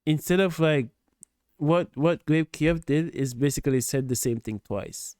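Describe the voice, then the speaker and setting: A man's voice: a little high, a little slow, darkish tone, clear, resonant tone, dry recording, clean studio sound. A man streaming his reaction to a video, explaining his view patiently and often restarting and repeating words. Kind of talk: casual reaction commentary.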